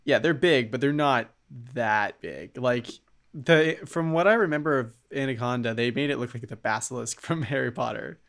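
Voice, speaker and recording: A man's voice: medium pitch, normal speed, a bit bright. A man co-hosting a podcast in casual chat, laid-back, laughing often and using many fillers. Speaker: podcast co-host.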